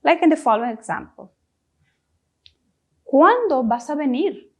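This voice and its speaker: A woman's voice: high voice, lively intonation. A woman teaching a language lesson, drilling each question word and asking the listener to repeat after her. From Guyana. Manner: drills words, pausing for repetition. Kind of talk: slow, deliberate classroom instruction.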